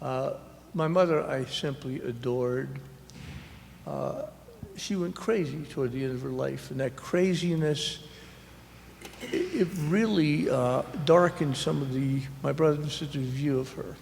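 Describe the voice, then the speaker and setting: A man guest author telling a family story at a live library talk into a handheld mic, in a rambling, self-deprecating way with halting restarts. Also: fairly high pitch, creaky, darkish tone, slight background noise. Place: public library event hall. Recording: echoey hall.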